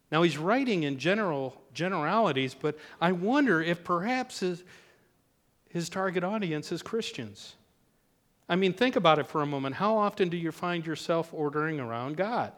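A man's voice: on the high side, lively intonation, normal speed, a bit bright, big-room sound. A man preaching a sermon as pastor in a church, talking in a conversational way with joking asides.

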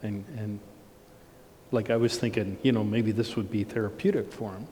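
A middle-aged man preaching, telling a personal story slowly and earnestly with frequent restarts. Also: lowish voice, fairly even intonation. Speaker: pastor. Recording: long reverb, faint noise.

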